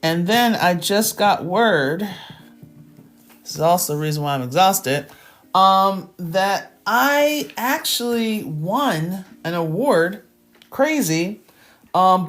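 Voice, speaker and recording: A woman with a lowish voice tutors math live, speaking slowly in a casual, chatty way. She sounds tired and relaxed, her talk dotted with ums and little laughs.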